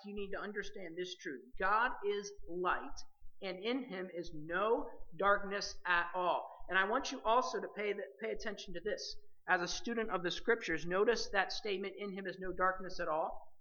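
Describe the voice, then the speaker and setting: A preacher gives a sermon in a bright, forceful voice, pressing each point with emphasis and speaking straight to the listeners. The recording is dull and lo-fi, with the top end muffled. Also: mid-range voice, moderate pace. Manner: emphatic, addresses listeners directly as believers.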